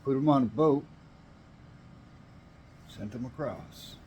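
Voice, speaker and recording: A man's voice: mid-range voice, slow, noisy background. A Canadian man ranting in an angry, emphatic monologue, swearing now and then.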